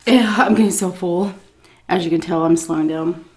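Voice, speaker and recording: A woman's voice: lowish voice, moderate pace, a little mellow. A woman food vlogger telling a story in a chatty, casual way while she eats, often breaking into laughs.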